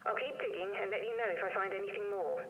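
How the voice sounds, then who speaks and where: An actress playing a calm, businesslike female radio contact in a video game, heard as game audio. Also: mid-range voice, fast talker, lo-fi sound, a little hiss or hum, natural voice.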